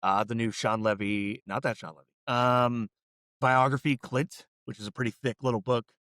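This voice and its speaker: Male podcast co-host, mid-pitch, laid-back rambler, dry booth sound. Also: steady tone, normal speed, fairly bright tone, no room sound. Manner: rambling, laid-back storytelling with many fillers. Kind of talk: casual film podcast chat.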